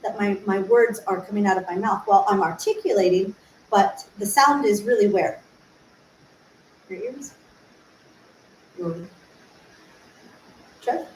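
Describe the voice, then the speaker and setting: A woman's voice: medium pitch, unhurried, pauses often, darkish tone, slight background noise. A woman voice teacher giving an informal livestream lesson, explaining patiently, asking rhetorical questions and demonstrating sung syllables. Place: room, solo livestream. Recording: echoey room, faint ambience.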